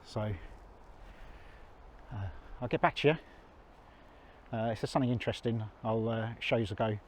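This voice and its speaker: A man rambles to his handheld camera on a countryside walk, chatty and self-mocking. His voice sits at an ordinary pitch. Faint outdoor noise runs behind him. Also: moderate pace, rough recording. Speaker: vlogger. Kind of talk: walking vlog to camera.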